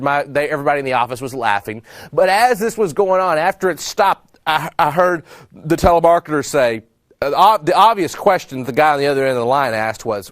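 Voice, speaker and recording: A man's voice: on the high side, no room sound. A middle-aged man from Texas, a sales trainer, telling stories about selling and acting out the dialogue. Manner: animated storyteller, acts out dialogue. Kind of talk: storytelling sales talk.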